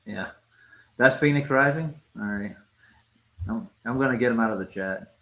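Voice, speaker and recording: A man's voice: mid-range voice, moderate pace, bright, forceful tone, low-quality recording. A man hosting a live stream, chatting casually and laughing often with his guests.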